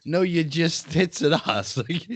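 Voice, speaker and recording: A man's voice: fairly high pitch, expressive, unhurried. Crude podcast guy, mocking, laughs a lot, voice goes all over. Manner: blunt, mocking, laughs often. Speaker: podcast co-host. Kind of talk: crude casual banter. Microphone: live stream call.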